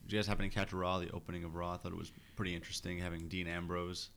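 A man's voice: low voice, level tone, rapid-fire, gravelly, a bit bright, a little hiss or hum. A man co-hosting a wrestling podcast, talking in a laid-back, chatty way and laughing often. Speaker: podcast co-host. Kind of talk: casual chat.

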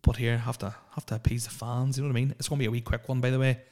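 A man in his thirties hosts a solo podcast, rambling through profane, opinionated rants. His voice sits at an ordinary pitch and stays monotone, barely rising or falling as he swears his way from one gripe to the next. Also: very fast. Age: 30s. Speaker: podcast host.

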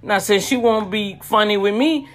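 A woman telling a story to her viewers in a lively, chatty way, talking straight to them. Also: mid-range voice, normal speed.

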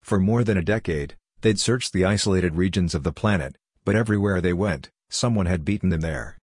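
A man reading a novel aloud in a steady, even storytelling manner. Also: deep voice, a little fast, breathy edge, no room sound, studio quality. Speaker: audiobook narrator. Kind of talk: scripted narration.

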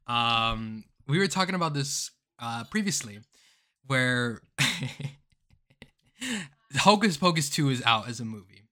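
A man co-hosting a casual podcast with a bright, forward voice. He talks in an animated, theatrical way and slides easily into exaggerated rants. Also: medium pitch, a little slow. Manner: animated, dramatic outbursts, ranting. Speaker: podcast co-host.

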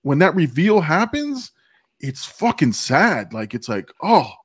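A man's voice: on the high side, sing-song, measured pace, slightly rough, no room sound, clean studio sound. A man co-hosting a podcast, chatting casually about a movie, often restarting his sentences and swearing. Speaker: podcast co-host.

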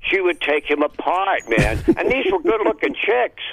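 A man's voice: high-pitched, very animated, normal speed, vocal fry, no room sound, poor audio. An older man, calling in to a radio show and telling rambling stories with lots of laughs. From New York. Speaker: regular caller. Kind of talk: casual radio call-in chat.

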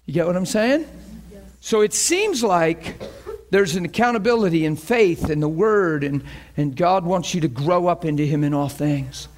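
A man delivers a sermon in a fairly high voice. He preaches with passion, rising toward near shouts, and plays out his own inner resolve in dialogue. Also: expressive, normal speed, slight background noise. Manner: impassioned, climbing to near shouts.

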